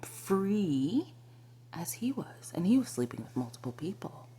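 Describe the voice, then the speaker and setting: Low, dark-toned woman confiding in whispers. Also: very animated, measured pace. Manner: confiding, often drops to a breathy whisper; frequent fillers and asides to the listener. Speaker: spiritual vlogger. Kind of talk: personal storytelling to camera.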